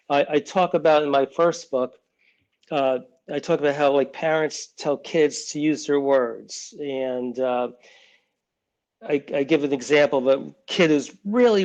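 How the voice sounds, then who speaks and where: In a casual interview, a children's book author in his sixties rambles through his ideas, restarting sentences often and briefly acting out relatives' voices. His mid-range voice is a little mellow, and the audio quality is poor.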